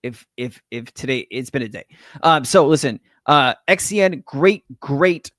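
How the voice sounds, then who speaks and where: A man's voice: medium pitch, animated, measured pace, a bit bright, no room sound, studio quality. A man hosting a casual crypto livestream, rambling with lots of fillers and restarts, swearing now and then and greeting viewers from the chat. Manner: rambling, filler-heavy, profane.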